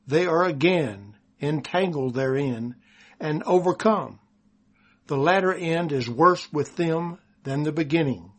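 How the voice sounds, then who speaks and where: Texan male preacher, unhurried, deliberate scripture reading, husky delivery. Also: a little high. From Texas. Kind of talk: sermon.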